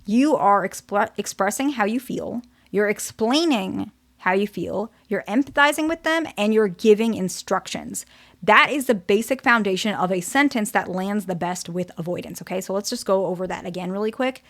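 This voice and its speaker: A woman's voice: mid-range voice, moderate pace. A woman therapist giving a casual, direct teaching talk, often checking in with "okay?".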